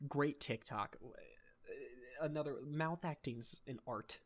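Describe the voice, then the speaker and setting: A man's voice: mid-range voice, slow, slightly rough. A young adult man hosting a podcast in casual chat, rambling and enthusiastic, swearing casually. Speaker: podcast host.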